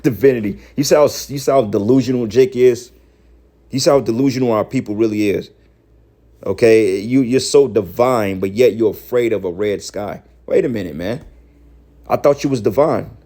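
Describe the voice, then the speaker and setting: A man's voice: lowish voice, moderate pace. A man giving fiery, profane preaching commentary, scolding his listeners and quoting scripture. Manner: profane, scolding, rising to shouts. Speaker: online street preacher.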